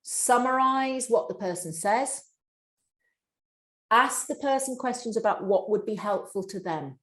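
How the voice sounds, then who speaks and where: A woman giving a long, practical answer on workplace mental health during a live session. She talks fast, restarts sentences often and speaks straight to her audience. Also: fairly high pitch, animated, a bit bright, echoey room. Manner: fast-talking, with many restarts. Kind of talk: live webinar answer to a question.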